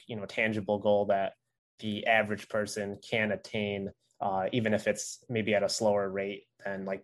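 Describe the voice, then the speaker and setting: A man with a lowish voice chats casually with a fellow creator. He rambles and stacks filler words as he goes. His delivery stays loose and easygoing throughout. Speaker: investing YouTuber. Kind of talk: casual conversation between creators.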